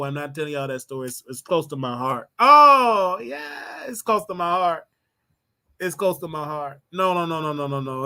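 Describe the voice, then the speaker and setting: Bright, higher-voiced man chatting on a livestream. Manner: playful, rambling, teasing. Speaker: livestream host. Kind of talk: casual livestream chat.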